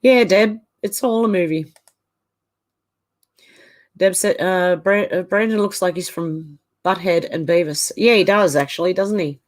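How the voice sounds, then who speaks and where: A middle-aged woman talks casually on her livestream, reading viewer comments aloud one by one. She answers each comment with a quick, opinionated reaction. Her voice sits a little on the low side. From Australia. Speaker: livestream host.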